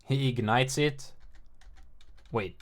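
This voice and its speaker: A man's voice: mid-range voice, slow. A man giving loose, offhand commentary on a game trailer, rambling with lots of filler words and self-mocking asides. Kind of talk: casual video commentary.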